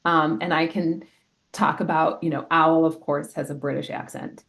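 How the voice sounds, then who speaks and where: A middle-aged woman, an elementary school health educator, explaining in a lively way with examples in a casual interview. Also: low voice, normal speed.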